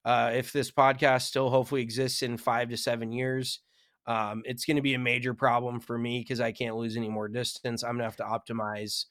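A man's voice: medium pitch, little pitch movement, a little fast, fairly bright tone, clean tone, no echo, studio quality. A man co-hosting a golf podcast, talking frankly and casually, with some swearing and self-mockery. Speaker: podcast co-host.

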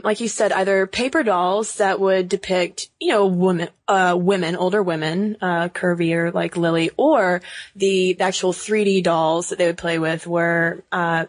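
A woman's voice: fairly low pitch, no echo. A woman co-hosting a podcast in casual chat, laughing often and using plenty of fillers. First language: English. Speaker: podcast co-host.

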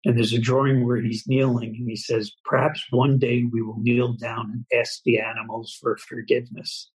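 A man with a very husky, breathy voice talks in a relaxed interview. His delivery is soft and earnest, and he often answers with a quiet "wow." His pitch sits at an ordinary middle level for a man. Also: moderate pace, poor audio. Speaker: cartoonist guest. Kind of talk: conversational interview.

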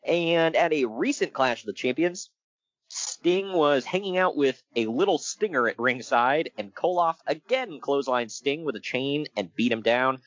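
Medium-pitched and moderately paced, he co-hosts a laid-back wrestling podcast, full of laughter and animated storytelling. The recording is dry and muffled.

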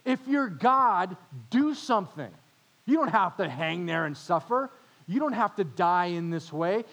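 A man preaching voices a condemned criminal who shouts mockery, raising his voice high and loud. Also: exaggerated voice. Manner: taunting, shouting. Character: jeering condemned man mocking Jesus.

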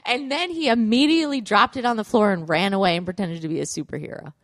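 A woman's voice: mid-range voice, quick pace, fairly bright tone, no room sound, studio quality. A woman in her thirties co-hosting a casual chat, telling family stories and acting out quotes. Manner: chatty storyteller, acts out quotes, laughs often. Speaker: podcast co-host.

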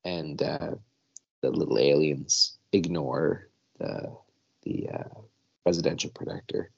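A man's voice: extremely low pitch, very animated, slow pace, gravelly, long pauses, slightly rough, muffled recording. A man casually recapping a cartoon episode as a podcast co-host, retelling the story and acting out the dialogue.

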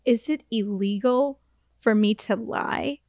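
A woman's voice: fairly high pitch, slow, a little mellow, no echo, clean studio sound. A woman podcast co-host telling a story in casual chat, acting out the voices and laughing often.

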